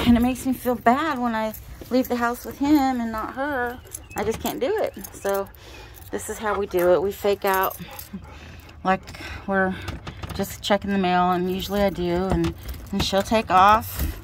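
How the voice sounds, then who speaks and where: A middle-aged woman chatting casually to her phone camera while walking her dogs outside near her house. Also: slight background noise. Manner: chatty, calls dogs in a high singsong. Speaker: vlogger. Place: outdoors near a house and woods.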